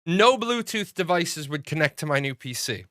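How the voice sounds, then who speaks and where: A man's voice: on the high side, very animated, normal speed, sharp tone, no echo, clean studio sound. A man streaming live and chatting casually, telling stories in a rambling way with plenty of swearing and restarts. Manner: rambling storyteller, swears freely, frequent restarts. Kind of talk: casual livestream chat.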